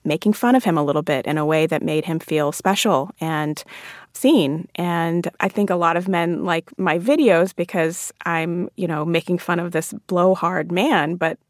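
Woman, comedian, interview guest, animated storyteller, lower voice, dry close mic. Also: normal speed, dry recording. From United States, Jamaican immigrant family. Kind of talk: radio interview.

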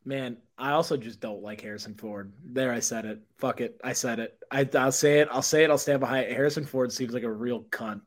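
A man's voice: mid-range voice, brisk, few pauses. A man co-hosting a podcast in casual chat, ranting with lots of swearing. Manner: profane, animated ranting. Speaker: podcast co-host.

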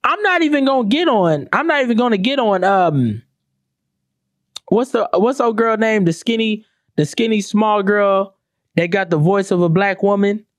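A woman's voice: moderate pace, no room sound, clean studio sound. Heated, profane woman podcast host. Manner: blunt, heated and sarcastic, with rhetorical questions; swings between high exclamations and low, dropped asides. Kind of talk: profane ranting podcast monologue.

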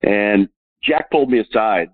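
A husky, slightly low-pitched man in his fifties tells chatty stories as an interview guest, laughing often and leaning on filler "uh"s. His voice comes through a tinny phone line that sounds dry and close. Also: moderate pace, no echo. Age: 50s. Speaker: guest, professional golfer. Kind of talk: interview storytelling.

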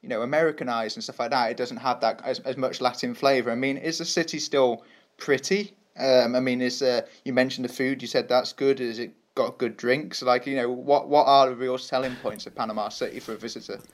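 A man hosting a podcast, asking his guest questions in a relaxed, chatty way. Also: medium pitch, fairly quick. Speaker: podcast host. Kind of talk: casual podcast chat.

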